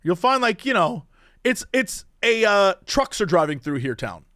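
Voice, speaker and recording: Man, podcast co-host, high animated delivery, rambling chatty, dry close mic. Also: moderate pace, no echo. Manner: rambling, animated, full of restarts and fillers. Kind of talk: casual chat.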